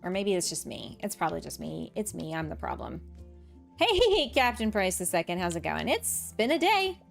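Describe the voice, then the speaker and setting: Her lowish, creaky voice has a sing-song lilt at normal speed. While building in a farming game, this streamer reads her chat aloud and replies, chatting casually, laughing often, and making fun of herself, with soft game music behind.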